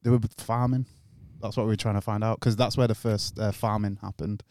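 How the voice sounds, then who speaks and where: A man's voice: lowish voice, flat delivery, fairly quick, a little mellow, no room sound, clean studio sound. A young English man telling rambling stories on a podcast, laughing often and swearing freely. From England. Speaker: guest. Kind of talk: casual podcast chat. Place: podcast studio.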